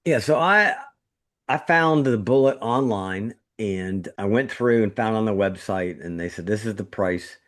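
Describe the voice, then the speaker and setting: A man's voice: lowish voice, a little slow, fairly bright tone. A middle-aged man, a surgeon co-hosting a podcast, telling a story in casual chat, his voice jumping up when he gets indignant. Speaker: trauma surgeon, podcast co-host.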